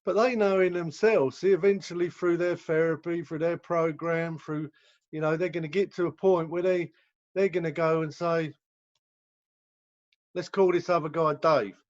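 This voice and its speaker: A man's voice: fairly high pitch, fairly even intonation, moderate pace. A man who runs a rehab center, explaining recovery in a casual talk over a video call and acting out the people in his examples. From England. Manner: conversational, acts out quoted voices. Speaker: rehab director. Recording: dull lo-fi video call audio.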